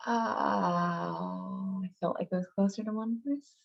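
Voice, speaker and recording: A woman's voice: mid-range voice, steady tone, slow pace, vocal fry. A woman hosting an interview, giving brief and curious replies and asking questions. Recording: dull lo-fi recording.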